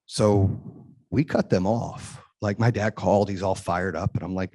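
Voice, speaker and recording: A man's voice: low voice, steady tone, measured pace, warm tone. A man in his forties, a podcast host, talking through a motivational monologue and acting out the people he quotes. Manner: emphatic storytelling, acts out quoted voices.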